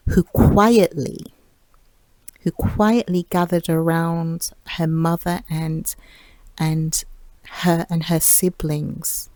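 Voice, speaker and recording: A woman hosting a reflective solo podcast, speaking softly and drifting into near-whispers with light laughs. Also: sits low, dry recording, rough recording. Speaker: podcast host.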